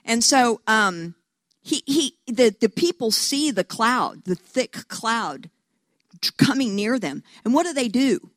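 A woman preaches in a high, bright register, telling her story with animated energy and often doubling back on her words. She acts out the voices in her quotes. The sound is dry, with no room echo. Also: slow pace. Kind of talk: sermon.

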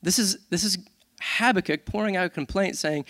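A fairly high-voiced man preaches in a relaxed, conversational way, reading verses and then riffing on them with quick jokes at his own expense. The sound is dry and close, with no room echo. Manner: conversational, animated, self-deprecating humor. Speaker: worship leader. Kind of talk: casual sermon.

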